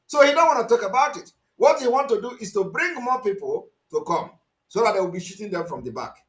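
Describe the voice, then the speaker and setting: A man with a Nigerian accent giving impassioned live-stream commentary, full of rhetorical questions and sudden shouts. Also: sits high, expressive, quick pace, echoey room, low-quality recording. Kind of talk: impassioned commentary over played clips.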